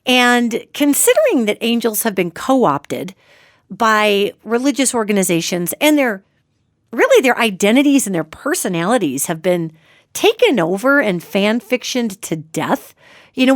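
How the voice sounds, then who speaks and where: A woman's voice: mid-range voice, no room sound, clean studio sound. A middle-aged woman hosting a solo podcast, talking earnestly and chattily to her listeners. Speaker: psychic podcast host.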